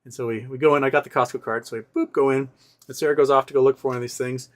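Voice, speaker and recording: A man's voice: mid-range voice, rapid-fire. A male host rambling through a personal story in casual talk, often acting out what other people said. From Seattle area. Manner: rambling, animated retelling with quoted voices.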